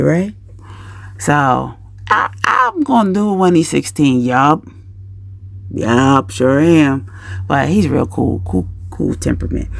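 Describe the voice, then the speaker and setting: A woman with a heavily gravelly, husky voice talks through parenting tips on her vlog. She speaks slowly but swings her pitch up and down a lot, acting out scenes and giving pep talks. The sound is close and dry. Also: dry recording. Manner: lively and chatty, acts out scenes and gives pep-talk tips. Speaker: parenting vlogger. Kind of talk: casual parenting advice vlog.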